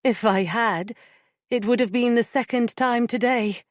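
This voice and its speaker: A woman's voice: fairly high pitch, a little slow, no room sound, studio quality, pitched above the performer's own voice, natural voice. A woman voicing an anxious, determined woman in crisis who speaks in a tense, strained way.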